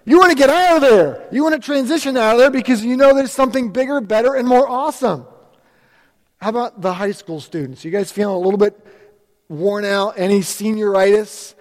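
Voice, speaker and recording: A man's voice: high-pitched, fairly quick, darkish tone. A middle-aged male pastor preaching a chatty, joking sermon to his congregation. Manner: upbeat, chatty, jokes with the congregation. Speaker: transitional pastor. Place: church sanctuary. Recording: long church hall reverb.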